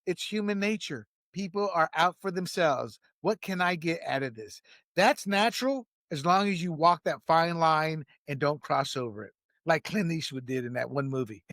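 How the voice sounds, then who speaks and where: A man's voice: fairly high pitch, expressive, normal speed, fairly bright tone, no echo, clean studio sound. A man hosting a political commentary show, talking in a heated, emphatic way and laughing at his own jokes.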